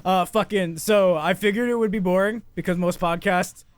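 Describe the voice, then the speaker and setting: A man hosting a podcast in casual chat, high on weed, rambling and ranting with lots of swearing. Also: fairly even intonation, normal speed, clean tone, no room sound. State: stoned. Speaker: podcast host.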